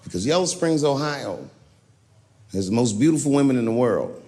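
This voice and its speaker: A man performing live stand-up comedy, telling a profane, animated story to an audience. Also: medium pitch, moderate pace, gravelly. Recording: echoey hall, live show.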